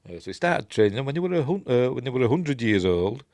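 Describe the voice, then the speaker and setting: A man's voice: medium pitch, sing-song, quick pace, a little mellow, no room sound. A man with a Yorkshire accent hosting a casual film review at home, rambling chattily with tag questions and asides. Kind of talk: casual film commentary over the movie.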